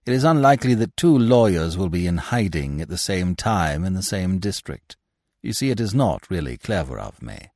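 A man's voice: deep voice, big pitch swings, normal speed, a little mellow, no room sound, studio quality, exaggerated voice. A man voicing a heavy, sly, leering middle-aged theatre manager who talks in a bluff, wheedling way.

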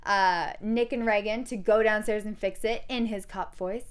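Young woman, podcast co-host, casual recap chat, smooth clear voice, lively storyteller. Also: medium pitch, normal speed. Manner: animated storytelling, acts out quoted lines in playful voices.

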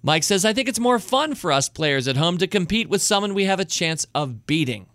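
Middle-aged guy hosting a podcast, kinda high voice, chatty, dry close mic. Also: animated, a little fast, fairly bright tone, no room sound. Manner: chatty, enthusiastic, rambling asides. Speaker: podcast host. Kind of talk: casual podcast chat.

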